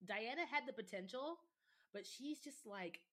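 Casting: woman podcast guest, casual gossipy chat, animated, quick laughs. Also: fairly high pitch. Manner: chatty, animated, laughs often, quotes people in voices. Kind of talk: casual chat about reality TV.

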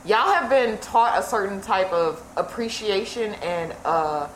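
A woman's voice: medium pitch, expressive, a little slow. A woman co-hosting a podcast in casual chat, talking emphatically and repeating her points, with some profanity. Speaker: podcast co-host. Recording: echoey room with faint noise.

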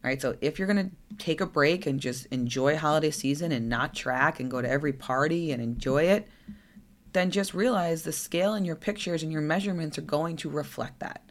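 A woman's voice: deep voice, brisk. Blunt, chatty woman coaching on a podcast. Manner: blunt, chatty, swears freely, acts out inner voices; says "right?" a lot. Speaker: fitness and nutrition coach. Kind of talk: casual solo podcast talk.

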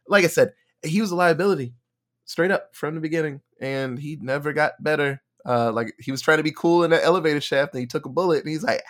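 A man hosting a podcast in casual chat, lively and swearing, acting out characters. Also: fairly high pitch, a little fast. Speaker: podcast host.

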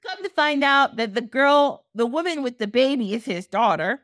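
A woman podcast host retelling a folk tale in casual, animated storytelling, laughing often. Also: high-pitched, normal speed, no echo, studio quality.

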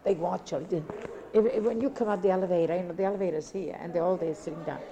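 An older woman from Italy, talking about her past in an interview in a rambling, repetitive, animated way. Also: on the low side, quick pace. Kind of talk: casual reminiscing. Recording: crowd chatter behind.

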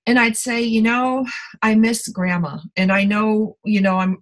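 A woman's voice: mid-range voice, level tone, measured pace, rough recording. A middle-aged woman in casual conversation, telling personal stories candidly in a confiding way. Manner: candid storytelling, warm confiding tone.

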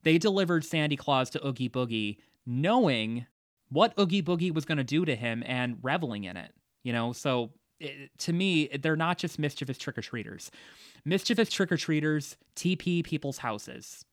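A man's voice: on the high side, animated, moderate pace, no echo, clean studio sound. A man hosting a casual movie discussion, chatty, with frequent laughs and fillers. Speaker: podcast host.

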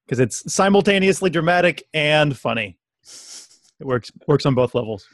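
A man's voice: mid-range voice, lively intonation, normal speed, fairly bright tone, dry recording, clean studio sound. A man hosting a casual podcast, running through the segments and joking about the episode. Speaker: podcast host.

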